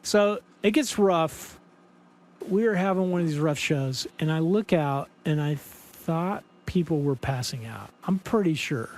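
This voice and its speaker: This man, a podcast host who also sings in a band, speaks a little slowly with a fairly high voice. He tells a story casually and animatedly, acting out the quotes and using lots of fillers.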